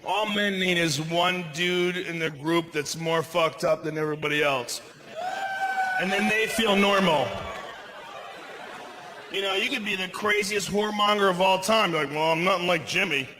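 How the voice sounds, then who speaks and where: A man performing a stand-up comedy set, loud and profane, shouting his punchlines. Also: sits high, steady tone, unhurried, long pauses. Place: comedy club stage with a laughing audience. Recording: live club recording with audible crowd noise.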